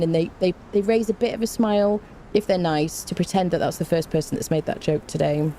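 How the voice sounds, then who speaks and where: A woman's voice: lowish voice, fast, mellow, slight background noise. A woman chatting casually on a gaming live stream, greeting viewers by name and making dry, self-mocking jokes. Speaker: game streamer.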